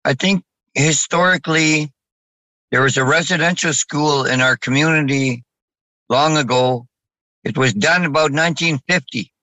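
Bright-voiced man speaking haltingly. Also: on the high side, no room sound, rough recording. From Saskatchewan, Canada. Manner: halting, with many restarts and fillers. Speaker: guest. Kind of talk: casual interview talk.

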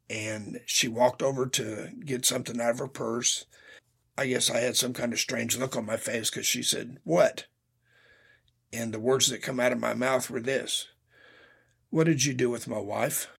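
A man's voice: mid-range voice, level tone, unhurried, gravelly, bright, forceful tone, husky. A man telling his personal faith testimony in an earnest, heartfelt way, speaking directly to his listeners.

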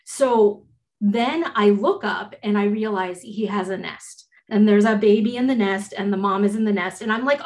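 A podcast co-host with a medium-pitched voice tells a story in casual chat at normal speed. She's animated, swearing freely as she acts out quotes.

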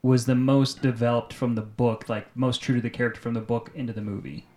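A man's voice: mid-range voice, steady tone, brisk, warm tone, slight background noise. A man hosting a casual podcast chat with friends, steering it with questions and jokes. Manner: steers the talk with questions, jokey. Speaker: podcast host.

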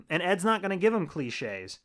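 A man's voice: on the high side, very animated, measured pace, a bit bright. A man co-hosting a casual movie review podcast, laid-back and swearing freely. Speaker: podcast co-host.

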